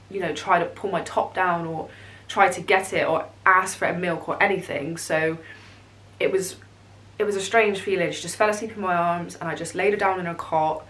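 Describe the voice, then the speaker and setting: A young woman telling a personal story on her vlog, emotional and halting, close to tears. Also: fairly low pitch, fairly bright tone. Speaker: vlogger.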